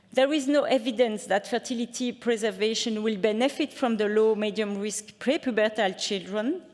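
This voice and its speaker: Woman, conference speaker; halting delivery with many restarts, long hall reverb on the mic. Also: medium pitch. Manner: hesitant, many fillers and restarts. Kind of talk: academic presentation and Q&A answers.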